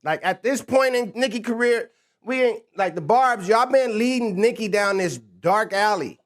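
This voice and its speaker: High-voiced man rambling on a livestream. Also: normal speed. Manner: stammering, restarting phrases, laughing it off. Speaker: rapper on a livestream.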